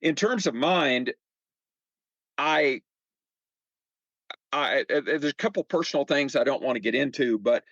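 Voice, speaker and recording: A man's voice: mid-range voice, unhurried, pauses often, fairly bright tone, no echo, highs cut off. A man in his seventies, a podcast guest, telling stories in a chatty, casual way, often repeating words and acting out quoted remarks. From United States. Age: 70s. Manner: frequent fillers and repeated words. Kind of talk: casual conversational storytelling.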